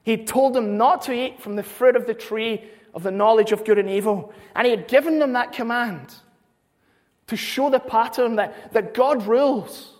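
A man's voice: very high voice, moderate pace. A man preaching a sermon, earnest, repeating phrases for emphasis. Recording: long hall reverb.

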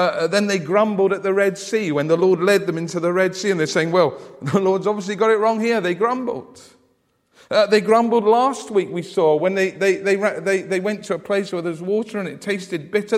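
A man preaches with animated emphasis, often turning to question his listeners. His voice sits fairly high for a man. The sound carries a long reverb, as in a church hall. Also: moderate pace. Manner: animated, asks the congregation questions. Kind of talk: sermon.

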